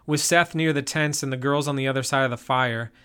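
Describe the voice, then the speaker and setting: A man reads a first-person story aloud at an even, steady pace. His voice sits in a middle register and stays plain throughout. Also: medium pitch, brisk, clean tone.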